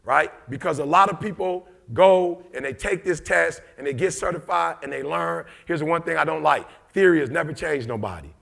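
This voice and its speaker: A middle-aged man speaks, in the rhythm of a preacher giving a motivational talk. His voice sits high and carries a gravelly edge. He swings from loud emphasis to low, quiet asides. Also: brisk, hardly any pauses.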